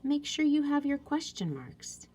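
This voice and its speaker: A woman teaching a writing lesson to young children, thinking aloud in a slow, patient, sing-song way as she edits a story. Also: high-pitched, big pitch swings, mellow. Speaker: elementary school teacher.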